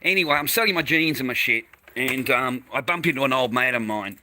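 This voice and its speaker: A man's voice: medium pitch, brisk, sharp tone, a little hiss or hum. A middle-aged Australian man rambling and swearing casually while telling stories to his viewers. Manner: swears a lot, tells stories with repeated phrases. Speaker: vlogger.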